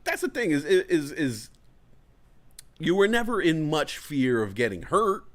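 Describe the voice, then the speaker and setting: Speaking a little high in a sing-song, slightly slow way, this man hosts a talk show and chats casually through a long, meandering, profane story, performing angry quotes. He's from the California Bay Area and is the adult parent of a young child.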